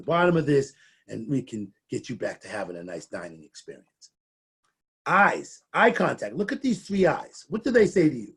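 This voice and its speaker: A man's voice: medium pitch, very animated, normal speed, fairly bright tone, slightly rough. A middle-aged man giving a conversational training presentation, often restarting and repeating words as he talks.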